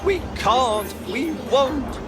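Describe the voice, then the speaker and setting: A man voicing mischievous squealing old freight cars, shrill and jeering, over background music. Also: expressive, drawn-out words, heavily acted. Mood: stubborn. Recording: music clearly behind.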